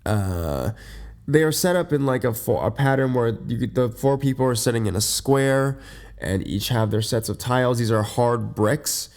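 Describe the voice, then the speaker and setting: A man hosting a casual, rambling podcast from his bed. He has just woken up, and his voice is deep and a little congested. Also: moderate pace, darkish tone. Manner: rambling, many fillers and restarts. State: groggy, just woke up. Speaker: podcast host. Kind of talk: casual unscripted podcast monologue. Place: in bed at home.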